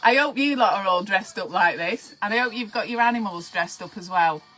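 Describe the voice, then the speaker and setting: A woman's voice: medium pitch, fairly quick, a bit bright, rough recording. A woman hosting a casual live stream, chatty and giddy, fussing over her pets between greetings to viewers. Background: faint Halloween music.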